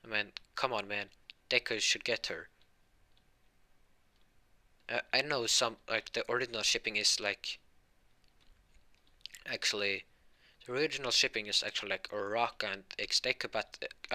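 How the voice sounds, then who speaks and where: A man's voice: lowish voice, steady tone, moderate pace, pauses often, bright, forceful tone. A man casually telling a made-up fan story about cartoon heroes, rambling and correcting himself as he goes. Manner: rambling, full of fillers and self-corrections. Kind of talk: casual spoken fan-fiction retelling.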